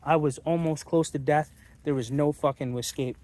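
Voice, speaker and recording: A man's voice: fairly high pitch, fairly even intonation, moderate pace, darkish tone. A man talking straight to his viewers in a casual monologue, blunt and combative, swearing freely. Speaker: channel host.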